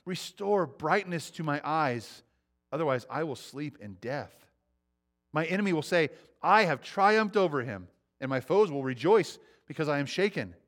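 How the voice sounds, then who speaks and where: A man preaches a sermon in a slightly raised voice. He moves from quiet, reflective passages to fervent appeals. He stumbles and repeats words as he speaks. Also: a little high, lively intonation, normal speed. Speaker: pastor.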